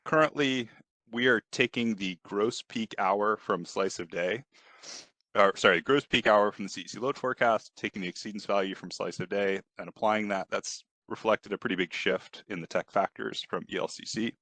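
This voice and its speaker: Man, very deep voice, dry close sound, hesitant presenter, throat-clearing cough. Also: normal speed, bright, forceful tone, no echo. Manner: hesitant, many fillers and restarts. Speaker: workshop presenter. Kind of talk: technical presentation on a web call.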